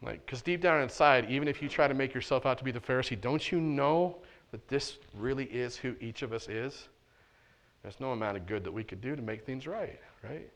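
A pastor preaching a sermon in a conversational, emphatic way, often checking in with "right?" and swinging between intense loud stretches and quiet asides. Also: male voice, medium pitch, a little fast.

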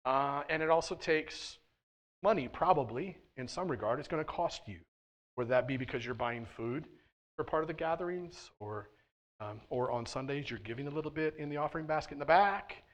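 A man preaching a sermon as pastor of a church, talking in a casual, conversational way and often checking in with the congregation. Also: on the high side. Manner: swings between quiet asides and loud emphatic points. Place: church sanctuary.

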